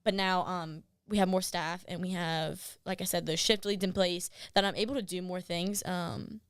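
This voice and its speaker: A woman's voice: lowish voice, normal speed, clean tone, no echo, clean studio sound. Young woman, upbeat. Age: 20s. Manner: relaxed, upbeat, lots of "um" and "right?". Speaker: guest, bakery owner. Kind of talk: casual interview answers.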